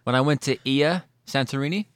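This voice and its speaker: A man's voice: mid-range voice, a little fast, clear, resonant tone, no echo, clean studio sound. A man co-hosting a casual chat, telling stories with laughs and the odd swear word. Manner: laughing, swearing, animated storytelling.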